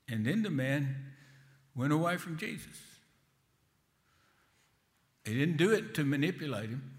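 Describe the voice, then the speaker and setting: A man's voice: a little high, animated, unhurried, long reverb tail. An older man preaching a sermon, telling folksy stories and asking the congregation questions. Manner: folksy storytelling with asides to the congregation. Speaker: pastor.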